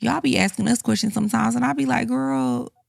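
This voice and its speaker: A woman's voice: fairly high pitch, quick pace, creaky, slightly rough, dry recording, studio quality. A woman in her thirties co-hosting a podcast, talking in a loose, colloquial way. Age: 30s. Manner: colloquial, emotional and tearful at surprise. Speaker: podcast co-host. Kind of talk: casual chat.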